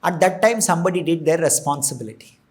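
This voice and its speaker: A man's voice: on the high side, quick pace. Earnest Indian-accented man preaching. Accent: Indian English. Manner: earnest, emphatic, with lively acted asides. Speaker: temple preacher. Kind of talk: sermon.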